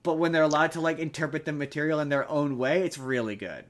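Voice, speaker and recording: A man's voice: on the high side, fast. A man co-hosting a podcast in casual chat, rambling with frequent restarts and fillers. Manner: rambling, many restarts and ums. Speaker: podcast co-host.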